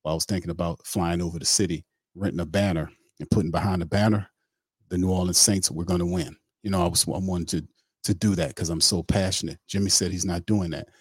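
A man's voice: sits low, fairly even intonation, quick pace, breathy edge, no room sound, studio quality. A man hosting a sports talk show, telling a rambling, joking story in a loose, slangy way. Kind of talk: casual comedic sports talk.

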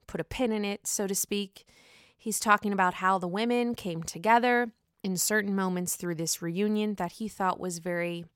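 A woman casually recapping a reality show reunion for her vlog, gossipy and profane, with animated reactions. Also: medium pitch, clean tone, dry recording, clean studio sound.

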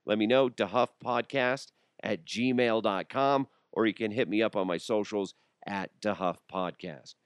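A man's voice: on the low side, unhurried, clear, resonant tone, dry recording, clean studio sound. A man in his thirties hosting a casual solo podcast, rambling and joking with restarts, his voice worn from being sick. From Colorado. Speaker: podcast host.

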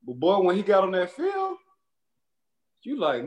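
Ex-player telling lively stories, slightly high voice, reverberant room. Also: male voice, measured pace. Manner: animated, laughing storyteller. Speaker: former football player, podcast guest. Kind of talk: casual storytelling chat.

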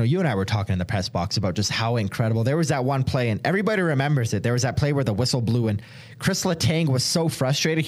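A man's voice: mid-range voice, a little mellow. Chatty young man, rambling sports talk. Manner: rambling, lots of "like" fillers. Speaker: sports podcast co-host; hockey reporter. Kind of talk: casual chat.

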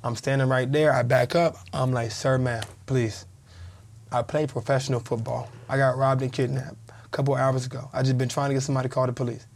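With a medium-pitched, brisk and creaky voice, a man in his thirties, once a professional football player, relates a story in an informal interview. He performs it animatedly, doing the voices of the people in it.

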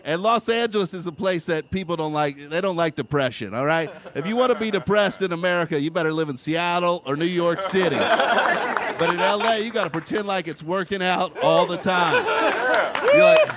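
A man's voice: high voice, fairly quick. A man from Kentucky doing a stand-up comedy set, wry and self-mocking, with punchy asides to the crowd. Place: comedy club stage. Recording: loud crowd laughter and room noise. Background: laughing and clapping audience.

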